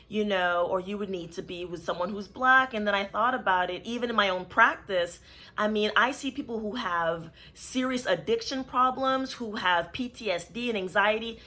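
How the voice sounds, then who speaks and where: Bright-toned woman vlogger, candid and conversational, therapist by trade. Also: medium pitch. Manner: candid, conversational, many fillers. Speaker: licensed clinical social worker and therapist, channel host. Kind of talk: casual talk to camera.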